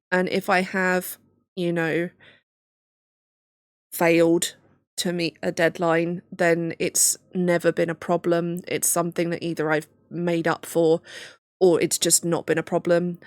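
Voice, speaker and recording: A woman's voice: lowish voice, flat delivery, a little slow, dry recording, clean studio sound. A young woman talking casually on a livestream, on the verge of tears, thinking aloud with nervous laughs. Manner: tearful self-talk with nervous laughs. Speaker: livestreamer and PhD student.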